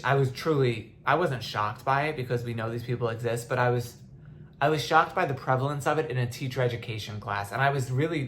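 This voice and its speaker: A woman's voice: extremely low pitch, a bit bright, slight background noise. A young woman hosting a podcast, talking in a casual, impassioned way with many restarts, at times close to tears. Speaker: podcast host. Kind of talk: casual monologue.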